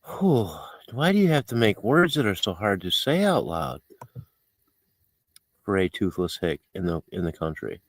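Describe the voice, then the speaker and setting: A man hosts a casual livestream, his pitch swinging up and down as he talks. He rambles, mocks himself and chuckles often. His voice is close and dry, with no room sound. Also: big pitch swings, normal speed, dry recording. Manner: rambling and self-mocking, with frequent laughs and fillers. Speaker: livestream host. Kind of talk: casual chat, reading out viewer comments.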